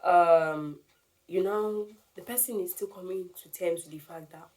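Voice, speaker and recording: A woman's voice: lowish voice, a little slow. A woman, talking earnestly to camera and giving advice on grief. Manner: earnest, animated, emphatic. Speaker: vlogger sharing grief advice. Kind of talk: casual talk to camera.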